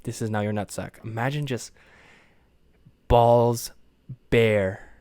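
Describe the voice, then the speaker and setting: Young male podcast host, rambling with fillers and restarts, self-conscious monotone, mid-pitched voice, dry close sound. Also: takes it slowly, no echo. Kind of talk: casual solo podcast monologue. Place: home room with parents down the hallway.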